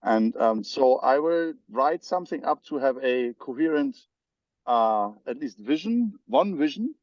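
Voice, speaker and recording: A man with a German accent talks through technical points in an editors' meeting, pausing often with fillers and restarts. His voice comes over a muffled, lo-fi video call. The sound is dry, with no room echo. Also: mid-range voice, expressive, a little mellow. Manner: hesitant, many fillers and restarts. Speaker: spec editor. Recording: dull lo-fi video call audio.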